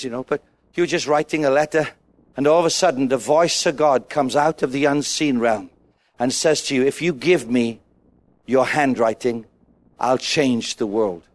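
A man preaching a sermon to a congregation, animated and asking them questions. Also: medium pitch. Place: church with a congregation.

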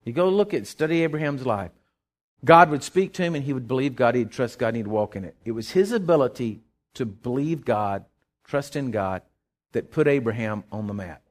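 A middle-aged man, preaching a sermon in a folksy, animated way with lots of restarts. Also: mid-range voice, moderate pace. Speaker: pastor.

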